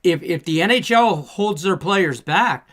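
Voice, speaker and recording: A man's voice: sits high, expressive, unhurried, a bit bright. A man hosting a casual sports betting show, reading viewer chat messages aloud in an upbeat way. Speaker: podcast host.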